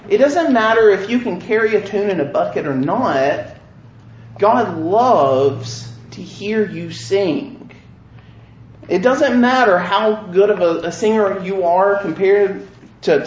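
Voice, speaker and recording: Preacher, male, high voice, slow and earnest, rhetorical questions, roomy dull recording. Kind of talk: sermon.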